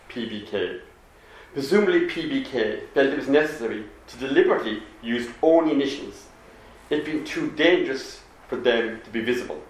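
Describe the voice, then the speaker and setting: Man, public talk, measured and explanatory, mid pitch, echoey room, faint background hum. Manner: measured, explanatory, quoting documents. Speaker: public speaker. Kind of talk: public talk reading from a pamphlet. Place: meeting room with an audience.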